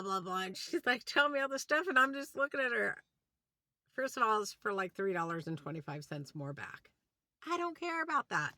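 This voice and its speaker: This mid-range female voice, recorded with no room sound, belongs to a vlogger ranting her way through a story in a van. She acts out each side of the exchange, quoting the dialogue with lively energy.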